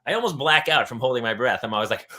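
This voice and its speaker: Animated, bright-voiced man telling stories. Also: mid-range voice, rapid-fire. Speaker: podcast host. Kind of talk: comedic storytelling chat.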